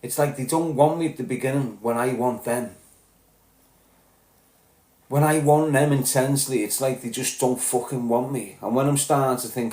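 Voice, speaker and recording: A man in his thirties with a Liverpool accent, talking bluntly and swearing as he tells his story on a podcast, going from loud bursts to low mutters. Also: fairly even intonation, moderate pace, echoey room. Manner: blunt and profane, swings between loud outbursts and low muttering. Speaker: podcast host. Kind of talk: candid monologue.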